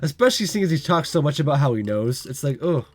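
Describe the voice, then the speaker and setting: A man's voice: on the high side, sing-song, quick pace, no echo. Brief: man with a cold, casual sarcastic game commentary, dry close mic. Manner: sarcastic asides. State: has a cold. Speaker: let's-play gamer.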